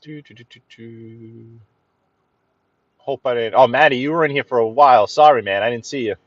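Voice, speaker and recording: A man with a New York accent chatting to viewers while driving, greeting them by name and often clearing his throat. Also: mid-range voice, normal speed, a bit bright, dry recording, dull audio. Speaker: livestream host driving. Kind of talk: casual live-stream chat while driving. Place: inside a car on city streets.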